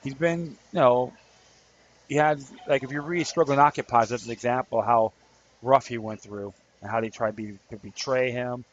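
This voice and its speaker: A man's voice: mid-range voice, fairly even intonation, normal speed. An earnest man with a mid-range voice rambles through a casual podcast monologue as an activist host. The recording is a bit dull, with faint noise underneath.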